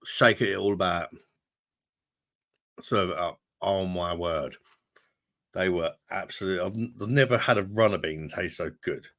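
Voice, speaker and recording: Very deep-voiced bloke chatting. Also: male voice, a little slow, pauses often, a bit bright, no room sound, studio quality. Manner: chatty, swears freely, calls viewers mate. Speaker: livestream host reading chat. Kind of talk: casual live chat.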